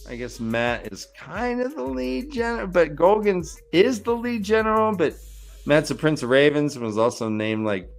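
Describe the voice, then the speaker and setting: A man co-hosting a podcast, recapping a book in casual, rambling chat full of fillers and restarts. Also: mid-range voice. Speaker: podcast co-host.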